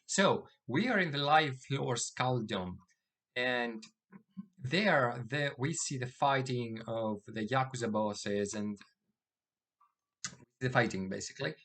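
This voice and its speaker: A man with a mid-pitched voice talks through a comic chapter in casual chat. He reads the characters' lines aloud in a plain voice and fills the gaps with "uh" and restarts. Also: slow pace, long pauses, fairly bright tone. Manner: summarizes plot with many fillers and restarts, reads quotes in a plain voice. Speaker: manga chapter reviewer. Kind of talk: casual recap reading dialogue aloud.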